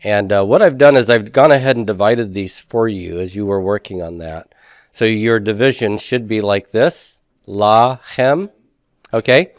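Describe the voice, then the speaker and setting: A male teacher walks through a review lesson in a smooth, resonant voice. He poses questions and then answers them himself, step by step. The sound is dry and close, with no room around it. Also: medium pitch, no echo. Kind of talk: recorded class review lesson.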